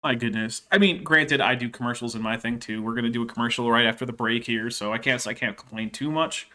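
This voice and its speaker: Bright, sardonic male commentator. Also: mid-range voice, fairly even intonation. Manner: dry, mocking asides with deliberate pauses. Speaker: reaction video host. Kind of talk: sarcastic reaction commentary.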